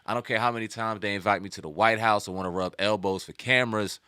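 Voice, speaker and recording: A man's voice: fairly low pitch, fairly even intonation, fast, sharp tone, clean tone, no echo, studio quality. A man hosting a hip hop news show, commenting in a loose, slangy, conversational way. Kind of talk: casual commentary.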